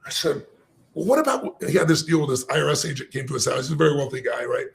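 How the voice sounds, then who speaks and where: An older man telling a story as a podcast guest, animated and acting out the people he quotes in shifting voices. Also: fairly high pitch, fast, gravelly, a little hiss or hum.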